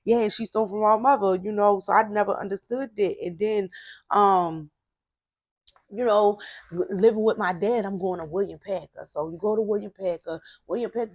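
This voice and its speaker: A woman sharing a personal testimony, animated, acting out other people's voices and repeating her phrases as she talks. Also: medium pitch, no echo. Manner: repeats herself, trailing fillers like "this, that, and the third". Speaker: testimony speaker.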